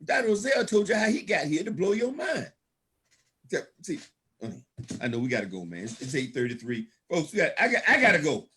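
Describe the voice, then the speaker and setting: A man's voice: fairly high pitch, big pitch swings, brisk, pushed and bright, husky. A man giving a motivational storytelling talk at a business event, laughing often and calling out praise in a folksy, preacher-like way. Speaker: guest speaker at a business opportunity event.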